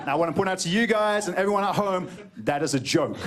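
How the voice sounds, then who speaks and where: A high-voiced New Zealand man doing stand-up, his pitch jumping all over as he spins animated, jokey stories. Audience laughter and a steady background hum fill the live recording. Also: fast talker, crowd noise. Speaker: stand-up comedian. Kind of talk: stand-up comedy set. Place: comedy venue stage before a live audience.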